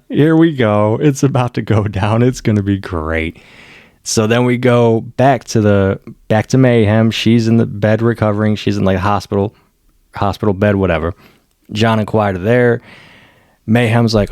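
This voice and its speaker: A man giving a casual, excitable recap of a TV episode, laughing often and acting out the characters' lines. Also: lowish voice, normal speed, dry recording, clean studio sound. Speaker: TV episode reviewer.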